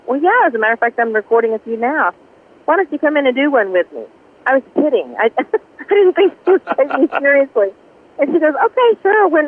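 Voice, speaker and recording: A woman with a Southern US accent, a country singer telling stories in a casual interview, laughing often. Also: medium pitch. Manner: lively storyteller, laughs often. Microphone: phone. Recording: tinny phone line.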